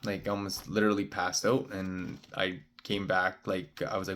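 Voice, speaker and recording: A man's voice: low-pitched, level tone, a little fast, a bit bright, a little hiss or hum. A man, a spiritual card reader, telling a meandering story in casual talk, full of "uh" and "like". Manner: meandering, heavy on "uh" and "like" fillers.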